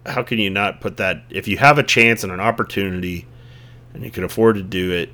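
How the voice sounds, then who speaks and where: A man's voice: low-pitched, brisk, sharp tone. A man hosting a casual podcast conversation, talking in an earnest, reflective way in long, searching sentences. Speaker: podcast host.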